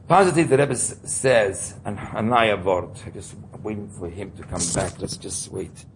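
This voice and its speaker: A man's voice: medium pitch, slight background noise. Man teaching an informal Torah class. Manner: thinking aloud, restarts and repeats terms.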